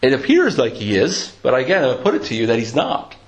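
A man preaching a sermon in a conversational way, often restarting his words and clearing his throat. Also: medium pitch, wildly swooping pitch, brisk. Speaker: pastor.

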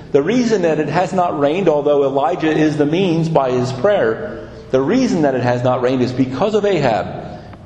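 A man's voice: fairly high pitch, darkish tone. A man preaching a sermon, reading scripture and then retelling it earnestly and with emphasis. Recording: echoey hall, dull lo-fi sound.

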